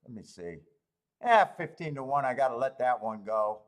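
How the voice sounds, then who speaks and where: A man's voice: medium pitch, expressive, moderate pace. A man hosting a live horse racing handicapping stream, talking to himself and swearing in frustration over his bets.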